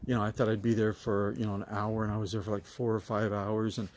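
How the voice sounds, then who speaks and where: A man's voice: lowish voice, level tone, quick pace, darkish tone. A middle-aged man telling his own story in a casual, rambling way with many fillers and restarts.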